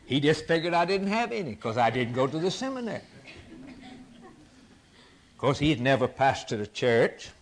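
A man preaching a sermon in a rhythmic, repetitive cadence, swinging between near-shouts and hushed whispers. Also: a little high, sing-song, moderate pace, pauses often. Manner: impassioned, rising to near-shouts and dropping to whispers.

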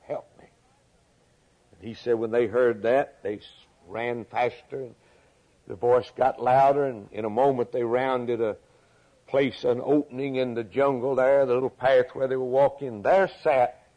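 An older man preaching a sermon as pastor, moving from loud, high preaching to quiet storytelling. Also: fairly even intonation, moderate pace. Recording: dull lo-fi recording.

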